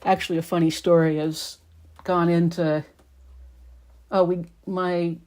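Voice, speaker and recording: Chatty middle-aged woman quilter, low voice. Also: little pitch movement, unhurried, darkish tone. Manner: rambling, chatty, talks while working. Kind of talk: casual chat while sewing.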